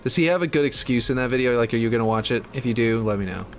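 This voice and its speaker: A man's voice: mid-range voice, rapid-fire, soft background music. A man chatting casually and thinking aloud while he builds a game map, muttering when puzzled. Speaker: map builder streaming his work.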